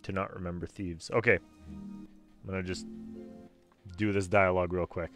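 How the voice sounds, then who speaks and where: A man's voice: low-pitched, fairly even intonation, unhurried, pauses often, fairly bright tone, soft background music. A young Canadian man streaming a video game, joking around, laughing and swearing casually.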